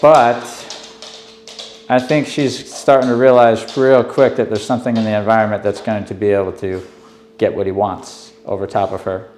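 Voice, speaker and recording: Calm low-voiced man training a dog. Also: normal speed, echoey room, faint music behind. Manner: soft, steady praise to a dog. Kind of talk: calm explanatory coaching.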